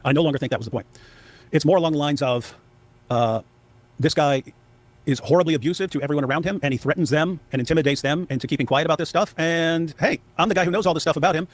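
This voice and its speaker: A man's voice: on the high side, fast. A man giving casual video commentary, emphatic and often repeating himself. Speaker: online commentator.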